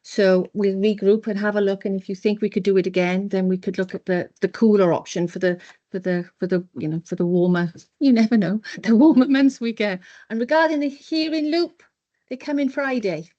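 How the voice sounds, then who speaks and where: A woman's voice: mid-range voice, steady tone, fairly quick, dark tone. Council officer type, welsh woman, chatty and explaining, muffled meeting room mic. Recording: dull lo-fi meeting room recording.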